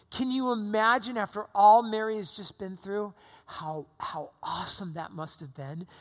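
A middle-aged man preaching a sermon in a church, conversational, with rhetorical questions, while recovering from pneumonia. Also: high voice. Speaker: pastor. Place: church sanctuary. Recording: long hall reverb.

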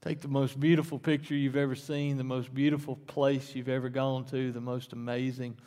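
A man's voice: medium pitch, little pitch movement, normal speed, warm tone. A man pastor preaching a sermon in a church, talking conversationally and then rising to emphatic peaks. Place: church sanctuary. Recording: long reverb in a church hall.

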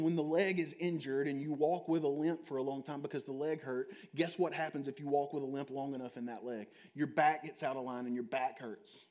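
Lively, higher-voiced male pastor preaching. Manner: conversational, questioning the listeners; animated, shifting between loud and quiet. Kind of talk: sermon.

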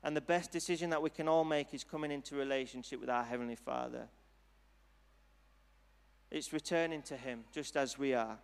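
A man preaching a sermon and altar call in a church hall, speaking in an earnest, gentle, unhurried way. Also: mid-range voice, fairly even intonation, creaky, clear, resonant tone. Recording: long hall reverb.

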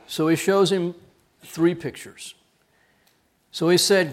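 A middle-aged man from Texas preaching a sermon, telling folksy stories in an animated way. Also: fairly high pitch, a little slow.

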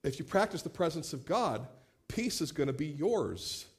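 A man in his late thirties preaching a sermon as pastor, animated, acting out quoted voices and repeating words as he starts phrases. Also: fairly high pitch, moderate pace. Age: 30s.

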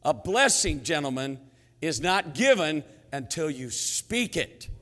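A man in his sixties preaching a sermon, telling stories in a lively, humorous way that swings between hushed and loud. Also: fairly high pitch, slow pace. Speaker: pastor. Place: church sanctuary. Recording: long hall reverb in sanctuary.

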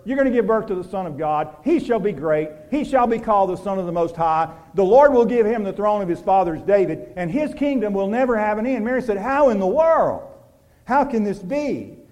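A man preaching a sermon, moving from loud emphatic lines to soft, hushed ones, with rhetorical questions and repetition. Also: sits high, lively intonation, a little fast. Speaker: pastor.

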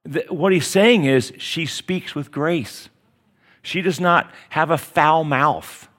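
A man's voice: on the high side, takes it slowly, a bit bright. Chatty middle-aged male preacher. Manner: folksy, with frequent tag questions like "see?"; teaching in a chatty, storytelling way. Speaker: pastor. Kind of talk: conversational sermon.

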